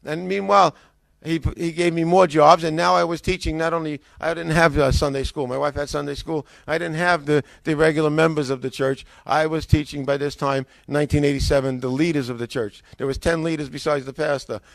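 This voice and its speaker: A man telling his own conversion story in a lively way, acting out what people said to him, with frequent restarts. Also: a little high, a little fast, gravelly, few pauses, dry recording. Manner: animated, acts out quoted dialogue, frequent restarts. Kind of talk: personal testimony, storytelling.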